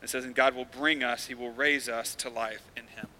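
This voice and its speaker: A man preaching a sermon as the pastor, talking casually and swinging from hushed lines to loud bursts. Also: medium pitch, fairly even intonation, normal speed, slight background noise, poor audio.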